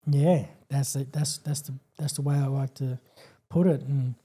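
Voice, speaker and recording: An Australian man, a guest on a podcast, tells a painful story from his own life in an earnest, halting way, full of fillers and restarts. His voice sits in the mid-range, with a steady, mellow tone.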